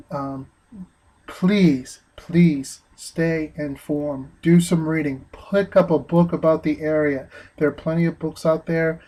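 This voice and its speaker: A man giving an earnest opinion monologue, speaking haltingly with frequent restarts. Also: on the high side, a little mellow, poor audio. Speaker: vlogger.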